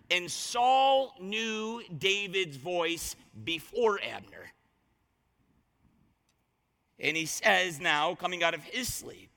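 A man preaching a sermon, retelling a scripture story with lively voiced quotes. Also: sits high, moderate pace. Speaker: pastor. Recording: long reverb of a large hall.

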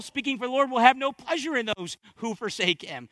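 Male preacher, high bright voice, fervent, repeats lines for emphasis, dry sound. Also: a little fast, few pauses, no room sound. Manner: fervent, swinging between loud emphatic exhortation and hushed intensity. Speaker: pastor. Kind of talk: sermon.

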